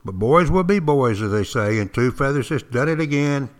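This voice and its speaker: An older man, a former Marine, telling stories in a folksy way with dramatic pauses, speaking directly to his listeners. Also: mid-range voice, lively intonation. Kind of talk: spoken storytelling to listeners.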